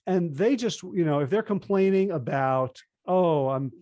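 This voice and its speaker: A man's voice: high-pitched, expressive, moderate pace, darkish tone, no room sound, studio quality. A man speaking as an interview guest and author, explaining ideas animatedly and acting out quoted dialogue in a conversational way.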